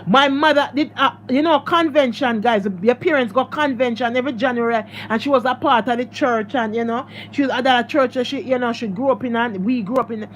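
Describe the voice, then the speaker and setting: A Jamaican woman with a high voice tells her own story straight to her followers, circling back and repeating herself as the feeling builds. She keeps calling her viewers guys. Faint road noise hums behind her. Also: a little fast, few pauses. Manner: emotional, repetitive, addresses viewers as guys. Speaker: social media storyteller.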